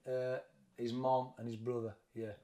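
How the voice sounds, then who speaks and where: A middle-aged man with a Sheffield accent, talking candidly and haltingly in an interview, often repeating words as he recalls events. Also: medium pitch, little pitch movement, mellow. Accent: Sheffield, Yorkshire. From England. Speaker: boxing trainer, interview guest.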